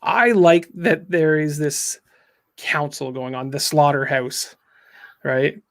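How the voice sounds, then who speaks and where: Higher-voiced man casually recapping a story. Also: slow pace. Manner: recaps a story and acts out the quotes, with frequent ums. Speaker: comic book reviewer. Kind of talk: casual podcast chat.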